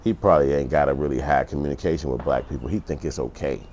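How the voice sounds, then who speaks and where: A man's voice: rumbling low, fast talker, a little mellow, a little hiss or hum. A middle-aged man giving blunt, profane storytelling commentary in a vlog. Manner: profane, blunt, acts out other people's voices. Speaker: vlogger.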